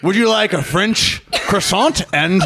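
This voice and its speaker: A man's voice: sits high, measured pace, very noisy, pitched above the performer's own voice. A man hamming up a pretentious radio ad announcer. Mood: mock posh. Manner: hammy, pretentious, stumbling over French. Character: mock-fancy male radio ad announcer.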